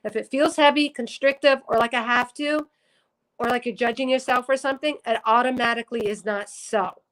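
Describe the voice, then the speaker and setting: A woman with a slightly high voice hosts a spiritual livestream, talking earnestly to her viewers. She rambles, corrects herself mid-sentence and sounds moved to the edge of tears. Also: fairly even intonation, a little fast, fairly bright tone, rough recording. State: teary, emotional. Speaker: psychic reader on a livestream. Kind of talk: casual spiritual livestream talk.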